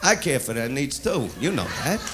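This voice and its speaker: A man doing crude stand-up comedy, brash and loud, shouting his punchlines. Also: mid-range voice, big pitch swings, normal speed. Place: live comedy club. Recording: echoey club with loud crowd. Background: audience laughter and noise.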